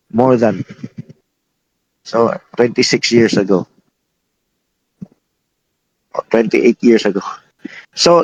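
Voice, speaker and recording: A man's voice: mid-range voice, highs cut off. A man preaching a sermon, teaching by firing questions at the congregation and repeating himself. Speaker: pastor.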